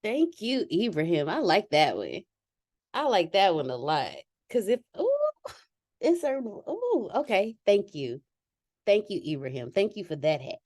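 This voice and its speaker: A woman hosting a casual group call, animated and candid, laughing often as she talks. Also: deep voice, moderate pace, no room sound, clean studio sound.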